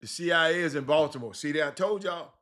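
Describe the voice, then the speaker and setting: Lively middle-aged man hosting sports talk. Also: fairly high pitch, fast. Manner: animated, repeats himself, shouts out listeners. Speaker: sports talk show host. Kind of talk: casual call-in sports talk.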